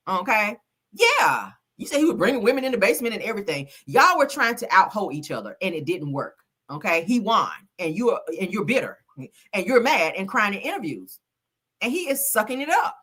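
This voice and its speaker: A woman's voice: on the low side, big pitch swings, a little fast, fairly bright tone, breathy edge. A woman hosting casual reality TV gossip commentary, sassy, blunt and full of slang. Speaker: host.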